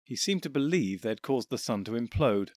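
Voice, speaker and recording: A male narrator reads an audiobook in an even, steady voice. The sound is close and dry with no room around it, at a middle pitch. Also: a little fast, no room sound.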